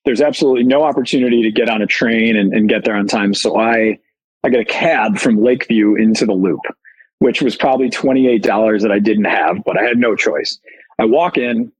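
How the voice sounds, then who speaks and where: Husky-voiced man. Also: mid-range voice, a little fast, rough recording. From Chicago. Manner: animated, candid, self-deprecating. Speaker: guest, company founder. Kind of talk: casual storytelling.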